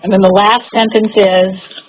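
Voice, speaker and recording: A woman creativity coach guiding a client through a session, speaking slowly and encouragingly. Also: medium pitch, flat delivery. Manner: slow, encouraging, gently prompting. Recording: dull lo-fi recording.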